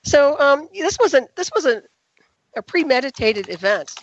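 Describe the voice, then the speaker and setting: A woman guest telling her story in an interview, talking rapidly and emphatically. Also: high-pitched, big pitch swings, dull audio. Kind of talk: radio interview call.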